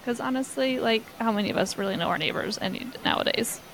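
A woman co-hosting a casual book chat, animated, acting out characters as she retells. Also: fairly high pitch, fast, noisy background. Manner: animated, acts out characters in quotes. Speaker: podcast co-host.

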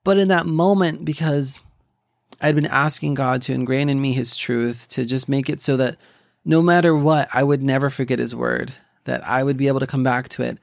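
Young guy, gravelly voice, middle pitch, talking about his faith in a halting, rambly way. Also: fairly even intonation, no echo, studio quality. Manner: rambling, halting, many restarts and fillers. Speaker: podcast host. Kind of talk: personal faith testimony.

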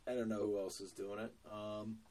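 A man talks shop on a podcast in a deep, unhurried voice. He's plain-spoken, with lots of ums and restarts. His voice sits slightly away from the microphone. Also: far from the mic. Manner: relaxed, plain-spoken, many fillers. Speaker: lawn care business owner. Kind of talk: casual podcast conversation.

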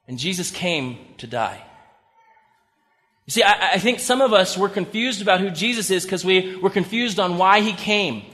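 A man with a high voice delivers a sermon as pastor, talking to the congregation in an easy, conversational way and dropping in humorous asides. His voice rings out with a long reverb, as in a large church hall. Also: animated, normal speed, bright, forceful tone.

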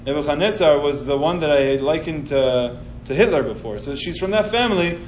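A man teaching an informal scripture class, telling the story with animated sarcasm. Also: a little high, a little fast, echoey room, slight background noise, rough recording.

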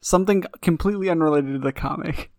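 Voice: mid-range voice, fast. Giggly playful podcast co-host. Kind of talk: casual chat.

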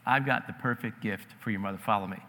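A man's voice: fairly low pitch, fast talker, pushed and bright, long reverb tail, voice pushed down. A man voicing a persuasive male pet shop clerk in a story, with a coaxing, insistent manner.

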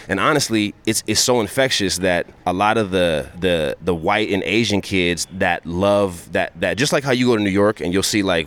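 Guy with a really deep voice, laid back rambling podcast chat. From Toronto, Canada. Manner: relaxed, rambling, many fillers like "you know". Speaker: podcast guest, comedian. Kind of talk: casual chat.

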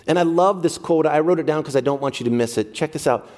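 Guy preaching w a pretty high voice, big echoey church hall, chatty and lively w the crowd. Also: fast talker. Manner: lively, talks straight to the congregation. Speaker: pastor. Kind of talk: sermon. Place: church sanctuary during a service. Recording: long reverb of a large hall.

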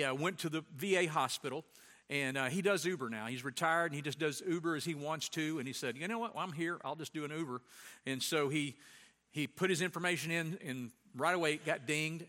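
A man preaching as a pastor, telling a personal story in an animated way and acting out what people said. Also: a little high. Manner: animated storyteller, acts out quoted voices. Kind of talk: sermon with storytelling.

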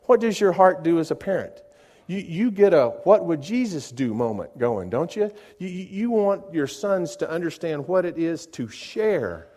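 A middle-aged man preaching a sermon, often repeating words as he starts sentences and moving between soft asides and loud emphatic peaks. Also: a little high. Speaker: pastor.

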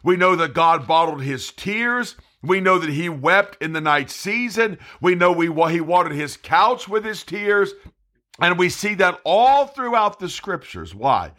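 A man's voice: high voice, big pitch swings, measured pace, bright, forceful tone. A man preaching a Bible study sermon, reading scripture aloud with emphasis. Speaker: evangelist preacher.

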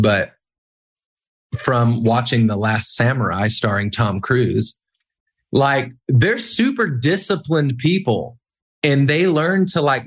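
A man who leads worship, talking casually and self-deprecatingly, with lots of fillers and restarts. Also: medium pitch. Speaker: worship leader. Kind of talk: casual podcast conversation.

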